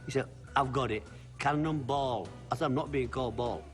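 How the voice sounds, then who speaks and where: A man's voice: mid-range voice, fairly quick, faint music behind. A man reminiscing chattily, acting out old conversations. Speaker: comedian. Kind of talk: reminiscing interview.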